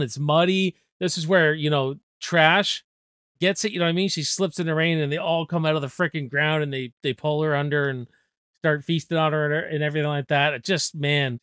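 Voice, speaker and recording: A man in his forties chats enthusiastically about movies, swearing freely in a relaxed, casual way. His voice is smooth and clear, sits a little high for a man, and is recorded close and dry. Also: dry recording. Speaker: movie review host.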